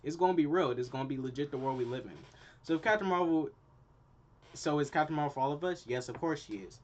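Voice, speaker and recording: Young man, channel host, animated slangy rant, fairly high voice, muffled lo-fi sound. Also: fast talker. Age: young adult. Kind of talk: casual opinion rant.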